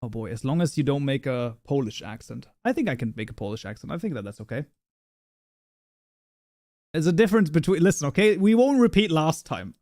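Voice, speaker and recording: A male streamer whose first language is German, chatting loosely with his viewers in a fairly high voice. He rambles, restarts his sentences, and breaks into laughter often, recorded close and dry. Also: expressive, normal speed, a little mellow, no echo. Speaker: livestream host. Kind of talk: casual live chat with viewers.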